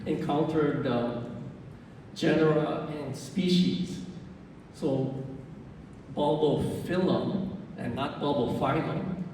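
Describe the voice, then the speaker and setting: A man giving a club presentation, explaining things in an unhurried way with fillers and self-corrections. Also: warm tone. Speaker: orchid society speaker. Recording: roomy hall, distant mic, faint rumble.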